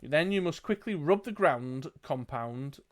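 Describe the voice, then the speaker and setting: A man voicing a tired old male wizard who speaks calmly and gravely. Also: a little high, measured pace.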